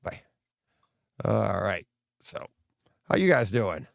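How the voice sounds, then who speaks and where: A man's voice: on the low side, very animated, slow pace, vocal fry, no echo, studio quality. A man hosting a long livestream podcast, chatting casually with remote guests, laughing often and telling stories. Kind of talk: casual chat.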